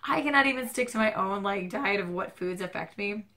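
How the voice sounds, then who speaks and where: This Midwestern woman speaks at a normal speed in a sharp, medium-pitched voice that sounds strained and stuffed up. She's chatting casually to her handheld camera at home at night under dim lighting, the footage shaky and the audio from the camera mic, rambling and making fun of herself.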